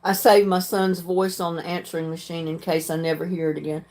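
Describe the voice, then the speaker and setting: Older woman, livestream host, plain frank talk, frequent throat-clearing. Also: fairly low pitch, little pitch movement, a little fast, darkish tone. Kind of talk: casual chat reading viewer comments.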